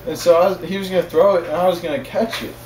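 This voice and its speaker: A young man tells a casual story in a rambling, repetitive way and chuckles now and then. His voice sits on the high side. He is recorded by a camera mic from some distance in an echoey room. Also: steady tone, very fast. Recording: echoey room, far from mic, faint noise.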